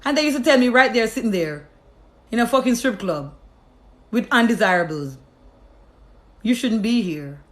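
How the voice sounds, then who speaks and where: A woman's voice: lively intonation, brisk, long pauses, fairly bright tone. A woman giving a casual, emphatic and profane monologue, telling her life testimony to an audience. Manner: emphatic and profane, acts out conversations with God in lower tones. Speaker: storyteller sharing her testimony.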